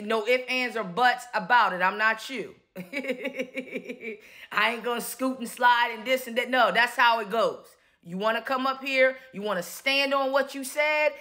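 A woman's voice: on the high side, pushed and bright. A woman on a YouTube channel giving confrontational commentary, sassy and calling someone out, laughing in between.

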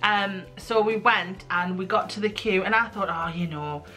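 A woman's voice: mid-range voice, normal speed, pushed and bright. A young British woman telling a candid, self-mocking story in a casual chat. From United Kingdom. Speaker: guest.

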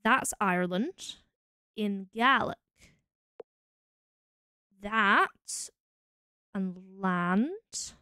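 A woman's voice: medium pitch, lively intonation, drawn-out words, pauses often, clear, resonant tone, no room sound, studio quality. A Scottish woman streaming a game, musing aloud as she tries out combinations. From Scotland. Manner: musing, trying combinations out loud. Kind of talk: casual thinking aloud while playing.

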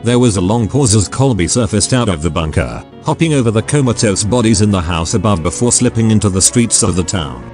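Low synthetic male narrator. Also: fairly quick, few pauses, soft background music. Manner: flat synthetic delivery. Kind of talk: text-to-speech story narration.

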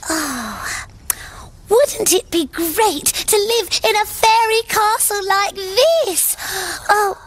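A woman playing a character on a children's show, singing and chatting in a bouncy, giggly, excitable way. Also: very high voice, takes it slowly, full character voice. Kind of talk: sung children's song and play chat.

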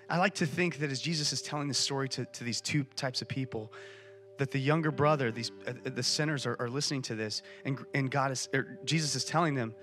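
A man's voice: mid-range voice, fast, a bit bright, faint music behind. A man preaching a sermon in church, telling a Bible story with passion and emphasis. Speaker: church speaker.

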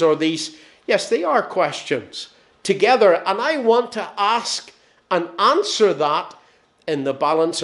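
A man in his sixties with a Northern Irish accent, preaching a sermon. He tells stories with gentle humour and lets his phrases fall soft and slow at the ends. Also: high-pitched. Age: 60s.

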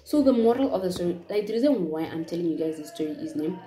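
A woman tells a casual storytime for her vlog in a slightly low, dark and mellow voice. She keeps it lively, strings repeated words together and slips into the voices of the people in her story. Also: fast talker. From Namibia. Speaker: YouTuber.

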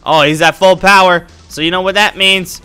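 A man giving goofy, excitable commentary while playing a video game. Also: high voice, normal speed, clean tone, soft background music. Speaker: gaming YouTuber. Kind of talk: casual let's-play commentary.

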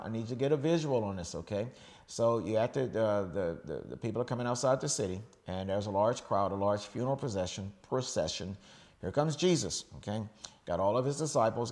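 A middle-aged man from the United States preaches in a loose, conversational style. His voice sits slightly low, and he often pauses to ask "okay?" and restarts his sentences as he talks through a scripture passage. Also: darkish tone. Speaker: pastor. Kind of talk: sermon.

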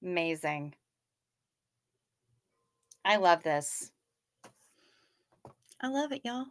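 A woman's voice: on the low side, big pitch swings, extremely slow. A woman hosting a livestream, chatting casually and gushing over viewer photos and comments. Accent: Midwestern American. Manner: gushing, playful, laid-back. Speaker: livestream host.

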